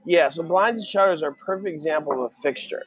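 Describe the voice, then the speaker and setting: A man's voice: fairly high pitch, fast, breathy edge, no echo, lo-fi sound. A man tutoring a student for a real estate exam in a casual question-and-answer session, quizzing and encouraging.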